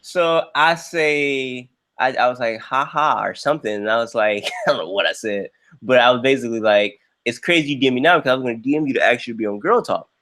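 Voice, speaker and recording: Speaking at a quick pace, this young man hosting a livestream tells an animated, casual story, switching to high-pitched voices to quote people.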